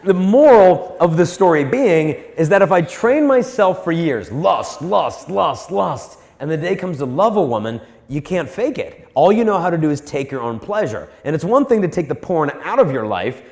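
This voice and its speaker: Lively man speaking in an echoey hall. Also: fairly high pitch, normal speed, few pauses. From United States. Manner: animated, acts out quoted voices. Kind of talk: storytelling talk to a live audience. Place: large hall with an audience.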